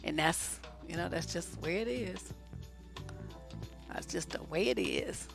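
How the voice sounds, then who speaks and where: A middle-aged woman from Oakland, a relationship coach and host, giving blunt, animated advice to her viewers and laughing often. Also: lowish voice, slow pace, gravelly, faint music behind. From Oakland, California. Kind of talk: casual advice talk to viewers.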